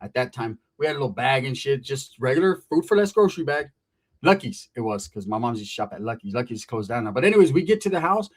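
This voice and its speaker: A man telling a wild story casually, profane and animated, jumping in and out of acted quotes. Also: medium pitch, fast talker.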